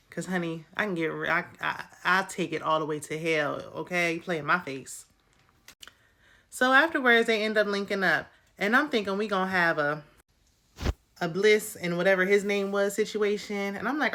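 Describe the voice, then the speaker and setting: A woman's voice: fairly low pitch, moderate pace. Sassy woman vlogger recapping reality TV. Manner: sassy, animated, slangy storytelling with exclamations. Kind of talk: sassy casual recap commentary.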